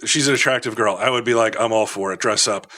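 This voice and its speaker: Sharp-toned, joking man. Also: on the low side, steady tone, fast talker, a little hiss or hum. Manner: joking, sarcastic, crude. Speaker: podcast co-host. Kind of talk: casual podcast banter.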